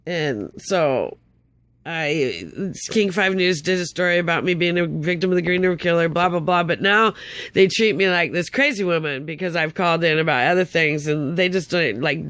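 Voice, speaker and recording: A woman's voice: on the low side, a bit bright, no echo. An older woman telling a story in a rambling, upset way, with stumbling restarts and bitter, sarcastic laughs. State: upset, tongue-tied. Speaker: vlogger. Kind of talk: casual storytelling monologue.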